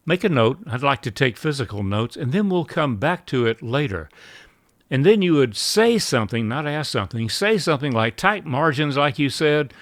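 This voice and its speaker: A man giving a measured sales training talk, acting out short sample lines between buyer and seller. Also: medium pitch, dry recording, clean studio sound. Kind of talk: instructional talk.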